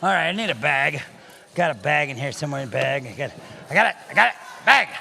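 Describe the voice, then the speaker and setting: High, bright-voiced joking magician man. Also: big pitch swings, fairly quick, vocal fry, slight background noise. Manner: playful, teasing, loud, calls out to the crowd. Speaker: magician and children's entertainer. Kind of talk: comic magic show patter for kids. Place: synagogue sanctuary in front of a live audience.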